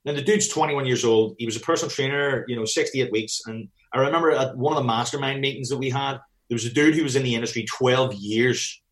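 A man's voice: mid-range voice, quick pace, hardly any pauses. A man with a mid-range voice talks as a business coach for personal trainers, blunt and given to swearing. He acts out snatches of dialogue as he goes, in a casual, straight-talking chat.

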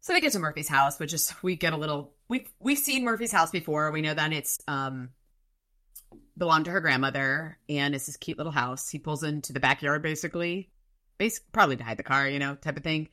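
Low, bright-toned woman with wry asides. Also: brisk. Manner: wry, dry one-line asides on the plot. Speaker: podcast co-host recapping a novel. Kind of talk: casual book-recap chat.

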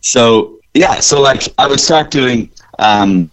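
Irish male comic guest, lowish voice, rambling and animated, studio radio chat. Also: moderate pace, few pauses. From Waterford, Ireland. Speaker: guest comedian. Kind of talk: radio interview.

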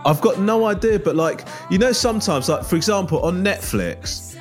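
A man's voice: high-pitched, expressive, normal speed, faint music behind. A man hosting a casual podcast chat, enthusiastic and sweary, with lots of fillers. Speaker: podcast host.

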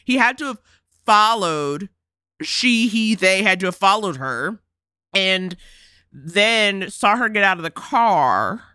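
Bright, expressive woman podcaster. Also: medium pitch, takes it slowly, smooth, dry recording, clean studio sound. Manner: expressive, acts out characters' lines. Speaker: podcast co-host. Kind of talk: casual chat recapping a TV show.

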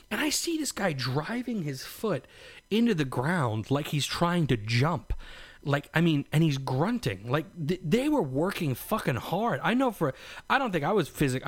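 Young male vlogger, mid-pitch, casual and profane storyteller, dry room tone. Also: no echo. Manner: rambling, profane, lots of fillers. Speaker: new father telling his birth story.

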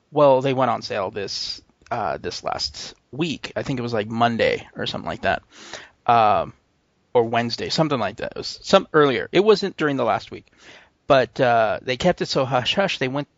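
A man's voice: medium pitch, creaky, a bit bright, no room sound. This is a man with a West Coast American accent, chatting casually on a tech podcast. He rambles with restarts and laughs often. The voice sits in the middle range, recorded dry on a slightly dull mic. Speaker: podcast co-host. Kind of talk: casual tech news chat.

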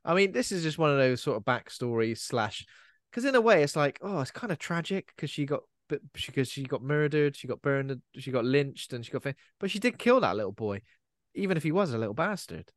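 A man's voice: mid-range voice, lively intonation, fairly quick, no room sound. Jokey man in a dry room. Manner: jokey, riffs with comic asides and voices. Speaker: podcast co-host. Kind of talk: casual chat recapping a film.

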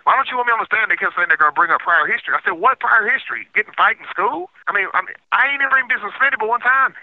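A man's voice: high voice, very fast, dry recording. A man, recounting his trial over the phone, heated and repetitive. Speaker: interviewee, former defendant. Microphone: phone line. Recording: tinny phone line.

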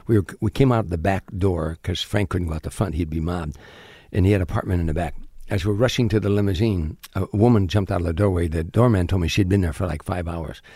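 An older man, a comedian guest in an interview, telling animated anecdotes and often restarting his sentences. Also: low voice, quick pace, hardly any pauses, slightly rough, no echo, studio quality. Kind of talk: storytelling in an interview.

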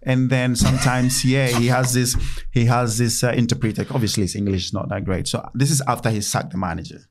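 A man's voice: medium pitch, a little fast. A man in his thirties, a former footballer, telling stories in a casual interview and acting out quotes in a raised voice. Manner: animated, acts out quotes in raised voice.

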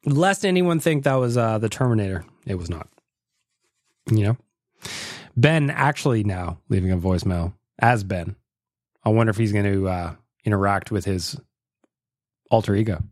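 A man's voice: on the low side, expressive, normal speed, pauses often, darkish tone, no echo. Joking, laughing male podcast host. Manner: joking, swearing, laughs a lot. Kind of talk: casual podcast chat, reacting to voicemails.

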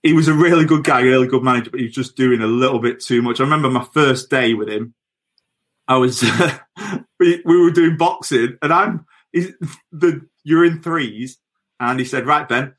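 A man's voice: medium pitch, normal speed. A middle-aged man, a former footballer, telling anecdotes on a podcast in a chatty way, laughing as he goes. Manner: chatty, laughs through his stories.

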